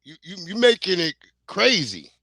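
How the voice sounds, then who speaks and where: A man's voice: sits high, big pitch swings, normal speed, vocal fry, bright, forceful tone, breathy edge, dry recording. A middle-aged man, hosting a livestream in a blunt, heated, profane rant. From New York. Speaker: livestream host. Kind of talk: casual ranting commentary.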